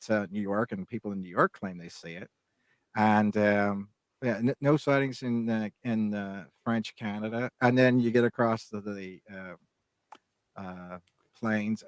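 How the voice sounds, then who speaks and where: Middle-aged male podcast co-host, slow and low, halting delivery, dry recording. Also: no echo. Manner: halting, many restarts and fillers. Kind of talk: casual rambling chat.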